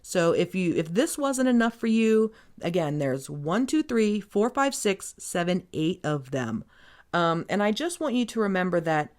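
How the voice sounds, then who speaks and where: A woman's voice: on the low side, big pitch swings, measured pace, darkish tone. A woman hosting a podcast, recapping a book in a casual, sarcastic, rambling way with plenty of swearing. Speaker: podcast host.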